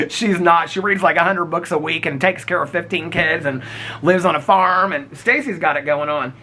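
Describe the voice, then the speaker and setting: In a casual, chatty vlog, a man reads viewer comments aloud and teases the commenters by name, gossiping and calling them honey and sweetheart. His voice is a little high, bright and forceful, delivered at a moderate pace over slight background noise.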